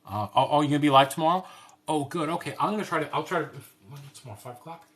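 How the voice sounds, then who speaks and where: A man's voice: on the high side, very fast. Rambling New man, roomy sound. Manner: rambling, restarts often, warm storytelling. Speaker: cooking live-stream host. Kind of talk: casual live-stream chat. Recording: roomy echoey room.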